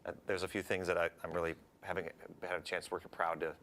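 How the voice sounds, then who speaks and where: A man's voice: sits low, little pitch movement, quick pace, a bit bright, slight background noise. A man speaking as a developer guest on a livestream, hesitant and stumbling over restarts. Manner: hesitant, full of restarts and fillers. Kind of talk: livestream interview.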